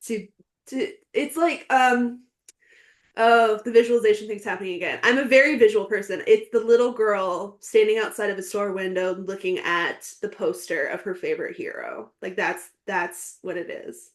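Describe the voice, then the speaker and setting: Woman guest, earnest and heartfelt, middle pitch, chatty fillers. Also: moderate pace. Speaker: podcast guest. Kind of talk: emotional casual interview chat.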